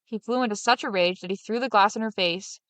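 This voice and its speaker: A woman reading a fairy tale aloud in steady, expressive narration. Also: medium pitch, fast, no echo. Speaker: storyteller.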